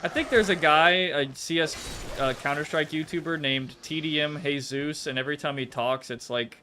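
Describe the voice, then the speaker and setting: A man's voice: on the high side, moderate pace, bright, forceful tone, slight background noise. A man chatting casually on a game stream, hedging and filling his sentences with "like" and "I don't know". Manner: hesitant, full of "like" and "I don't know". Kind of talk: casual chat.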